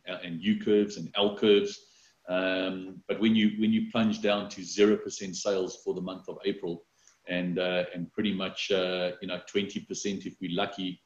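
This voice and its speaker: Deep, flat-voiced man on a video call. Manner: halting, many fillers and restarts. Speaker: company executive interviewed. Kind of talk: interview over video call. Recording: roomy, dull video call audio.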